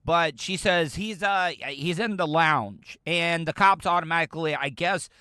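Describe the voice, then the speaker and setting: Chatty american guy rambling on his podcast, bright tense voice, dry close sound. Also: a little high, a little slow, clean tone, no room sound. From United States. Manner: rambling, chatty, frequent restarts. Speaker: podcast host. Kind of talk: casual reaction commentary.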